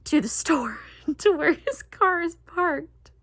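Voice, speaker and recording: A woman's voice: extremely high pitch, expressive, slow, a bit bright, dry recording, studio quality. A young woman telling a story from her teens in a casual, chatty way, laughing often and acting out the voices she quotes. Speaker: vlogger.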